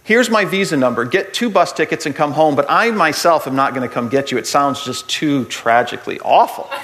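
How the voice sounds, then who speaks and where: A man voicing a sympathetic but unbudging mother on the phone, soothing and falsely sorry in a lowered voice. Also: expressive, a little fast, a bit bright.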